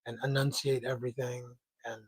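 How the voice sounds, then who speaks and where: Fast-talking joking American man, dry. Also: medium pitch, level tone, breathy edge, no echo. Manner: fast-talking, joking, reads viewer comments aloud. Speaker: livestream host. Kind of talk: casual livestream chat.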